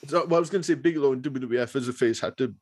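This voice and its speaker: A man chatting casually as a podcast co-host, animated and swearing, acting out what others said. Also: medium pitch, racing, husky. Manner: animated storyteller, swears, acts out quotes. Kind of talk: casual wrestling chat.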